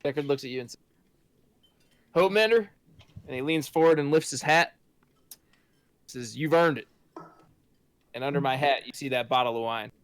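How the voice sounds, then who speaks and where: A man describing his character's actions in a tabletop game, deliberate and descriptive. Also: mid-range voice, fairly even intonation, a bit bright, smooth. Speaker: player.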